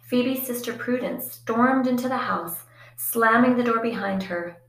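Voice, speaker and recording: A woman narrating a first-person storybook in a quiet, reflective, even manner. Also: on the high side, measured pace. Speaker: audiobook narrator. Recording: echoey room.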